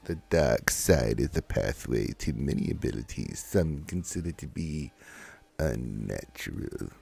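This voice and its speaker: A man's voice: rumbling low, expressive, creaky, darkish tone, breathy edge, voice pushed down, heavily acted. A man impersonating a sinister old emperor. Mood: ominous. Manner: slow, ominous, drawn-out. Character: sinister old male emperor, slow and menacing.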